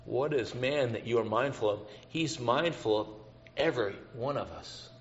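Male preacher, earnest and plainspoken, mid-pitched, faint hiss on a muffled recording. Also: expressive, moderate pace. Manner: earnest, personal, repeats key questions. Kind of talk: sermon. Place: church hall.

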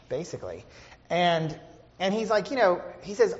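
A man's voice: sits high, very animated, normal speed, in a large hall, highs cut off. A man preaching a sermon in a conversational way, with many fillers and restarts.

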